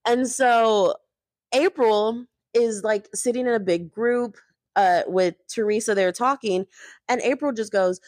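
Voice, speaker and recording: A woman's voice: fairly high pitch, a little slow, a little mellow, no room sound, clean studio sound. Chatty, gossipy woman recapping a show. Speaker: host.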